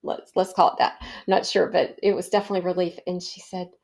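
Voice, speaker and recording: A middle-aged woman hosting a wellness show, telling a personal story in a warm, reflective way with fillers. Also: lowish voice, little pitch movement, fast talker. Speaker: podcast host.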